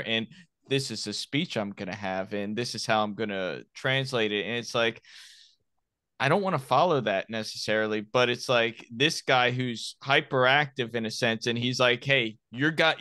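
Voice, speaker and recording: A man's voice: mid-range voice, bright, forceful tone, smooth, dry recording, clean studio sound. A man in his thirties from Miami, a former Marine hosting a podcast, talking frankly and rambling with many restarts. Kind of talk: casual podcast chat.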